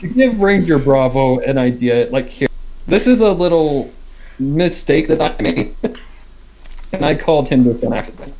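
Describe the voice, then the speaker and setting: A man's voice: medium pitch, expressive, moderate pace, warm tone, rough recording. A man chatting casually on a fan panel, rambling with fillers and laughing often. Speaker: YouTube reactor, panelist.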